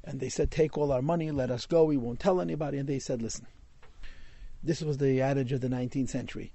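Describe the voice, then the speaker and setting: A man's voice: mid-range voice, steady tone, fast talker, dark tone, no room sound. A man telling a Hasidic story in a class, mixing in Yiddish and Hebrew words.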